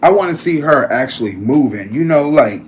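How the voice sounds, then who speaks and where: A man hosting a casual gossip vlog, chatty and slangy, talking straight to his viewers with animated jumps in pitch. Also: moderate pace, a little hiss or hum. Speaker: psychic channel host.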